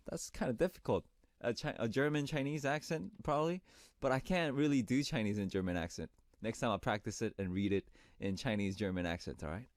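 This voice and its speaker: A man hosting a radio show, chatting warmly and reading listener messages on air. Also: mid-range voice, fairly quick, no room sound, studio quality. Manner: upbeat and chatty, reads messages in a brighter voice. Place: radio studio.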